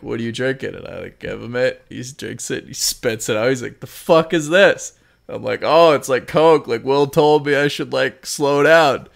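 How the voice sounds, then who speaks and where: A young man co-hosting a podcast, telling a long rambling story in casual chat, packed with "like", swearing and bursts of laughter. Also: medium pitch. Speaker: podcast co-host.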